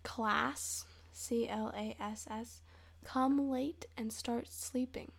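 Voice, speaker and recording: A woman co-hosting a casual podcast, giving quiet, brief replies. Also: fairly high pitch, fairly even intonation, takes it slowly, vocal fry, slightly rough. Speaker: podcast co-host. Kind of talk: casual chat.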